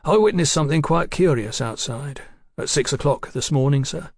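A male narrator voicing a dry, deliberate Victorian police detective who questions politely and speaks in measured tones. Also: a little high, lively intonation, no room sound.

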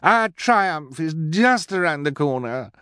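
Man doing a shrill, preening villainess. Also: lively intonation, slow, sharp tone, clean tone, dry recording, clean studio sound, full character voice. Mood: shrieking. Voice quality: high, shrieking, theatrical. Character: shrill vain villainous woman, fashion-obsessed.

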